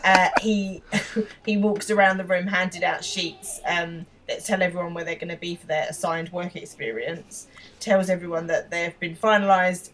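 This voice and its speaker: A woman's voice: on the low side, steady tone, measured pace, a bit bright, recorded from a distance, low-quality recording. A woman co-hosting a podcast, chatting casually through an episode recap and laughing often as she retells scenes. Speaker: podcast co-host.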